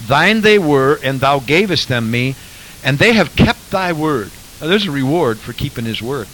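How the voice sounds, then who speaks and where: A man delivers a sermon in a bright, forceful voice pitched a little high. He reads scripture aloud and drives home each point with pointed rhetorical questions. A faint hiss sits under the recording. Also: low-quality recording. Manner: emphatic, rhetorical questions, quotes scripture in King James wording. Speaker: preacher.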